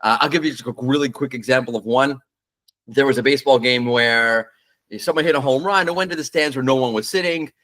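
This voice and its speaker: A man's voice: medium pitch, fairly quick, a bit bright. A man talking casually and bluntly, giving his opinions on brand ads as the host of a marketing show. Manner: blunt, opinionated, talks off the cuff with fillers. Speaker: marketing commentator. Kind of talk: casual solo commentary.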